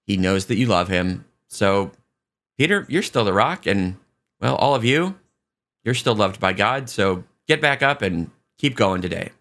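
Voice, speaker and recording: A man, a priest, preaching a casual, animated homily and acting out the lines of the people in the story. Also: lowish voice. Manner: casual, animated retelling with quick voiced asides.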